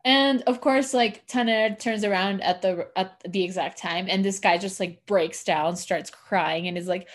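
A woman's voice: mid-range voice, measured pace, hardly any pauses. A woman co-hosting a podcast, chatting casually through a TV episode recap, full of "like" fillers and acted-out lines. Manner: chatty, lots of "like" fillers, acts out characters' lines. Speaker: podcast co-host.

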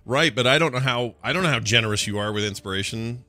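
A man's voice: medium pitch, fast talker, sharp tone. A man playing a tabletop game, chatting casually and thinking aloud as he works out his rolls. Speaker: player.

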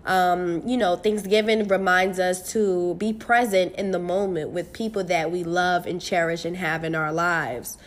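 A young woman from the United States hosting her own podcast, talking casually and candidly, swearing freely and getting animated. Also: fairly low pitch, measured pace, few pauses. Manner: candid, profane, animated with bursts of laughter. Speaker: podcast host. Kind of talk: casual solo podcast chat.

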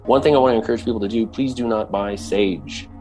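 A man's voice: fairly low pitch, fast talker, a little mellow, faint music behind. A man speaking earnestly in a conversational way about culture, with frequent restarts. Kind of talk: casual talk.

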